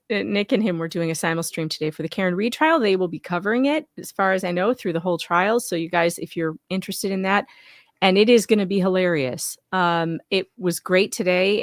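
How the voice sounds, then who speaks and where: A woman guesting on a livestream, telling stories in an animated way, acting out quotes and laughing often. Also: fairly low pitch, no echo, clean studio sound. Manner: animated storyteller, acts out quotes, laughs a lot. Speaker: guest co-host. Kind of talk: casual livestream chat.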